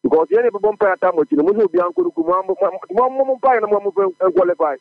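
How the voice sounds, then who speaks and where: A man with a Ghanaian accent calling in to a sports radio show, rambling excitedly over a dry, tinny phone line. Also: sits high, fast, creaky, no echo. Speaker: caller.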